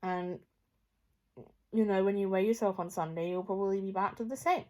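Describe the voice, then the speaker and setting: A woman's voice: mid-range voice, fairly even intonation, normal speed, darkish tone. A young woman talking in a casual personal vlog, rambling and candid, swearing freely and at times dropping to a near whisper. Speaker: vlogger.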